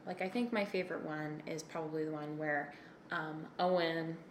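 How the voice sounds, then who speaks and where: Lower-voiced woman podcaster, thinking aloud. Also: fairly even intonation, normal speed. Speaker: podcast co-host. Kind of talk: casual chat. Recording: echoey room, faint noise.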